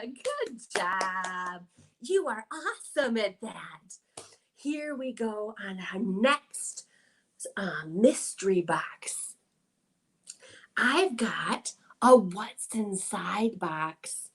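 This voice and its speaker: A young woman leading a toddler storytime, reading picture books and rhymes in a playful sing-song voice with soft hushed asides. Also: mid-range voice, big pitch swings, drawn-out words, slightly rough. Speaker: children's librarian.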